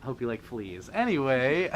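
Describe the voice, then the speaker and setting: A man's voice: medium pitch, big pitch swings, unhurried, a little hiss or hum. A man hosting a casual livestream, reading viewer comments aloud and laughing often. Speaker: livestream host.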